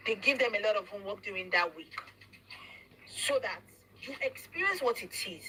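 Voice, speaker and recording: Forceful woman host. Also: mid-range voice, lively intonation, moderate pace, a little hiss or hum, rough recording. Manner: emphatic, preachy, mixes in Yoruba phrases. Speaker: talk show host. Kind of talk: casual commentary chat.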